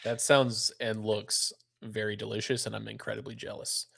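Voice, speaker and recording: A man's voice: lowish voice, little pitch movement, moderate pace, gravelly, fairly bright tone, slightly rough. A man co-hosting a live stream, joking playfully in casual chat. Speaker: co-host.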